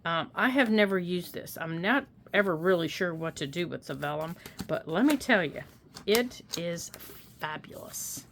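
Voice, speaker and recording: A woman's voice: lowish voice, lively intonation, moderate pace, slight background noise. An older woman chatting casually through a craft tutorial in a folksy, talk-to-herself way. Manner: chatty, folksy, talks to herself while working. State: hiccups. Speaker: craft vlogger.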